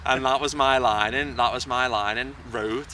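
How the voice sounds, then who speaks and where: Being interviewed about acting by a bridge outdoors, the young actor and YouTuber speaks at a normal speed in a medium-pitched, steady, pushed and bright voice. His talk is casual, with many restarted sentences, and the distant recording carries faint outdoor noise.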